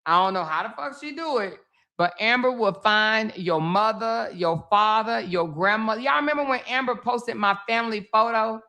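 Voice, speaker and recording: A woman's voice: a little high, normal speed, bright, forceful tone. A woman hosting a casual livestream, telling stories in a chatty way, swearing often and acting out what others said. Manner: chatty storytelling, swearing, acts out others' lines. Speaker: livestream host.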